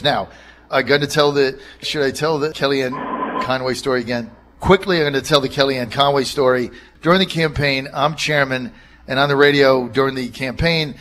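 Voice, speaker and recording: A male radio host with a voice of middling pitch talks bluntly, sliding into long anecdotes. A faint hiss of noise sits underneath. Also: fairly bright tone. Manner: blunt, storytelling. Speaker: radio talk show host. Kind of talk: radio talk show. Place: radio studio.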